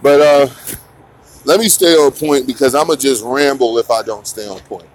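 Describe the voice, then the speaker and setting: A man talking through a loose morning commentary stream in a middle-pitched voice. He rambles, swears freely and mocks his targets, breaking into laughter along the way. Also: normal speed. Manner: rambling, profane, mocking, laughs often. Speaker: commentary channel host.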